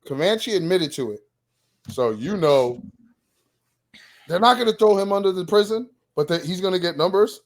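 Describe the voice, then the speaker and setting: A man with a New York accent in casual podcast chat, his voice sitting a little high. He talks in an easygoing way and keeps his co-host going with quick agreement. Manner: relaxed, agreeable, chimes in with short replies.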